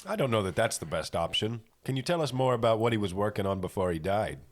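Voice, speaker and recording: A man playing a tabletop game, talking casually with lively in-character quips. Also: on the low side, fast. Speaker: player.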